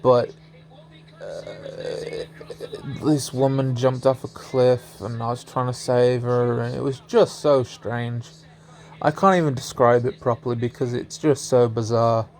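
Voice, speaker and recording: A man's voice: medium pitch, fairly even intonation, a little slow, a little mellow. A young man casually telling a strange story as a vlogger, laughing often and swearing freely.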